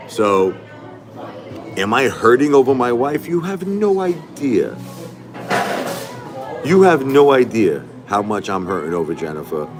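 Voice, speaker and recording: Animated New man ranting. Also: lowish voice. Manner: emphatic, repetitive, talks back to chat. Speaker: livestream host. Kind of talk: casual livestream talk to chat.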